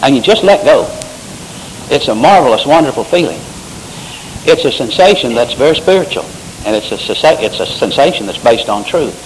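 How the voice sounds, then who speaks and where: A man's voice: medium pitch, expressive, moderate pace, a little hiss or hum, low-quality recording. A man preaching a sermon, quoting scripture and rising into emphatic bursts.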